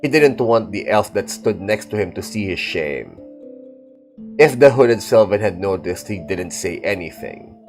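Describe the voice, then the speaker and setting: A man narrating a fantasy audiobook in a steady, dramatic storytelling style. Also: on the low side, a little slow, faint music behind. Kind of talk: audiobook reading of fantasy fiction.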